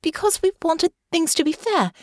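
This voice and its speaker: A woman voicing Honor, a frightened, earnest young noblewoman, in a high, trembling, pleading voice in an audiobook. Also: moderate pace, no echo. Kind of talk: audiobook character voice.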